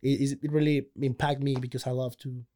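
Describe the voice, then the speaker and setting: A man, excitedly telling a story in casual chat, repeating words and restarting. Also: medium pitch, a little fast. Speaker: pedicab driver telling a story.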